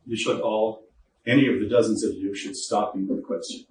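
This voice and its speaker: A man's voice: on the low side, fairly even intonation, brisk, a little mellow. A man giving an informal workshop lecture to teachers, chatty and joking, with asides to the audience. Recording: roomy echo, distant mic, faint noise.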